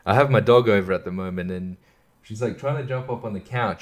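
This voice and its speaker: Brief: male podcast host, crude and rambling, loose solo chat, mid-pitched, laughs through it. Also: a little fast. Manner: crude, rambling, swears freely, laughs often.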